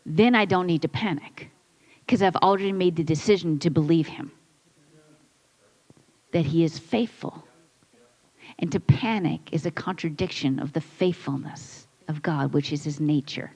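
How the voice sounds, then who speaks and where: A woman's voice: low-pitched, normal speed, pauses often, darkish tone, rough recording. A woman pastor preaching a conversational sermon in a church, building points through repetition and quoted asides. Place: church sanctuary.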